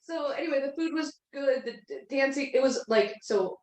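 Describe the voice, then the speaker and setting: A woman's voice: high voice, moderate pace, darkish tone. A woman in her thirties telling a long story in a casual, rambling way, full of filler words. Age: 30s. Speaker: podcast co-host. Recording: echoey room.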